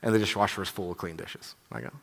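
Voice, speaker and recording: A man's voice: low voice, fast, creaky. Candid man speaking in a reverberant hall. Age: 30s. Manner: candid, heartfelt, conversational with many "you know"s. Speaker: conference speaker. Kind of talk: personal testimony talk. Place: conference hall. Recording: long reverb of a large hall.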